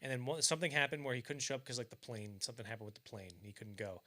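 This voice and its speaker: A young man hosting a podcast, casually telling anecdotes and acting out quoted lines with bursts of energy. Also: rapid-fire. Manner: animated storyteller, acts out quoted lines loudly and higher; casual and profane, frequent restarts. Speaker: podcast host.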